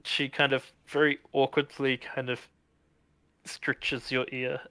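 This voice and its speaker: A man narrating as game master in a tabletop game, relaxed and rambling with many fillers. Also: mid-range voice, slow, clean tone, no room sound.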